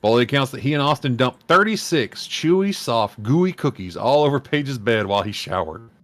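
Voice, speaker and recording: Brief: male podcast host, mid-pitched, rambling casual storyteller, dry close sound. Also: animated, moderate pace, no room sound. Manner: rambling, self-correcting. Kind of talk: casual chat, reading aloud.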